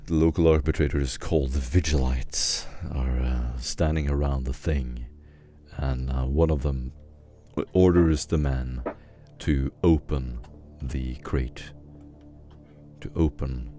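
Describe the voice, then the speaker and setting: A man with an extremely low voice narrates a tabletop game as its game master. He sets scenes at an easy pace, with the odd "uh", while soft music plays underneath. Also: fairly even intonation. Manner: descriptive, unhurried scene-setting with fillers.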